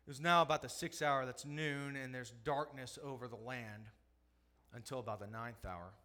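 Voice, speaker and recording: A middle-aged man, a pastor, preaching a sermon, moving from hushed storytelling to loud, impassioned preaching. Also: medium pitch, normal speed.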